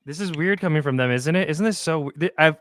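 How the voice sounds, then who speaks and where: A man's voice: a little high, fast, fairly bright tone, no room sound. Incredulous man hosting a show. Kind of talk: commentary over clips.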